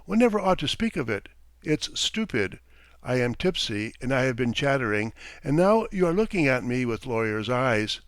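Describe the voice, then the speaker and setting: A man voicing a drunk, bitter, distrustful rich merchant, loud and blustering. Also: medium pitch, big pitch swings, normal speed, no room sound, close to an everyday voice. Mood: brooding. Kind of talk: audiobook character reading.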